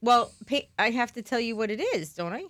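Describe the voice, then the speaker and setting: A woman's voice: fairly high pitch, sing-song, a little fast, fairly bright tone, no room sound. A woman co-hosting a talk show, chatting and laughing as she tastes cupcakes with her mouth full. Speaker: co-host. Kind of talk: casual chat while tasting food.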